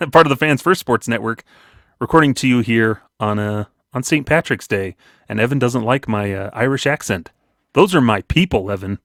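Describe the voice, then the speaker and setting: A man's voice: medium pitch, normal speed, fairly bright tone, no room sound, studio quality. A man hosting a casual sports podcast, joking and laughing often with his co-host. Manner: jokey, laughs often, playful put-on brogue at the start.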